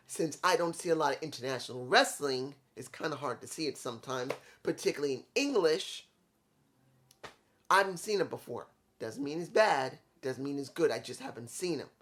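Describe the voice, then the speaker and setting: A man's voice: fairly high pitch, moderate pace, fairly bright tone. A man reviewing a wrestling show on his own, emphatic and opinionated, repeating his points in short punchy lines. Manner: opinionated, repetitive, emphatic rants. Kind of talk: solo video review.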